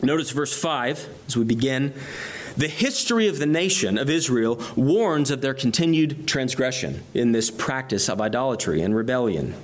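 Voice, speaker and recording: In a mid-range, expressive voice at normal speed, a male pastor reads scripture aloud and explains it verse by verse, stressing key phrases with rising emphasis in an expository sermon. A little hiss or hum is audible.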